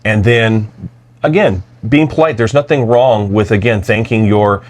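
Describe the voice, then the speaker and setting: A man's voice: lowish voice, unhurried. A man co-hosting a podcast, talking in an earnest, reflective way with frequent restarts. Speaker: podcast co-host. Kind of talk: casual conversational podcast talk.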